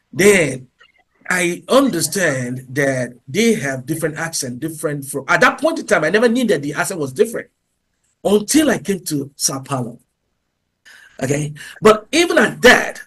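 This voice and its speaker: A man who teaches English appears as a guest in an interview, answering emphatically and sprinkling in "you know" and "okay." His voice is on the high side, fairly bright, with a breathy edge.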